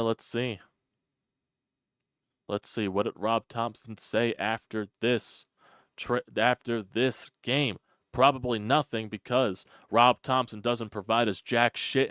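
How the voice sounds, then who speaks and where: Sports fan host, male, frustrated and repetitive, average pitch, dry recording. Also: steady tone, unhurried, a bit bright, dry recording. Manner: exasperated, repetitive ranting with mocking impressions. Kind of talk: ranting sports reaction monologue.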